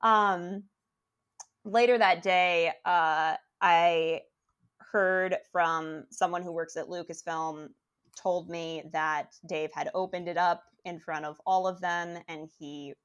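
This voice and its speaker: A young woman telling a long personal story as a guest, animated and rambling, with lots of restarts. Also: lowish voice, slow pace, clear, resonant tone, lo-fi sound. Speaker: podcast guest. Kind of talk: casual storytelling.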